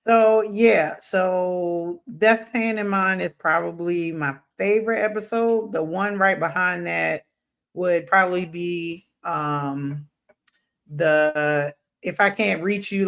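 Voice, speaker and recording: A man's voice: high-pitched, slow pace, vocal fry, fairly bright tone. A man co-hosting a podcast, chatting casually and rambling with lots of fillers and restarts. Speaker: podcast co-host. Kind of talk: casual chat.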